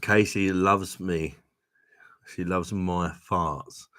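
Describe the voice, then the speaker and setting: Tipsy deep-voiced man, chatting. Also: fairly even intonation, very slow, a bit bright. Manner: swearing, laughing, says "mate" a lot. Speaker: livestream host reading viewer comments. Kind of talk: casual chat.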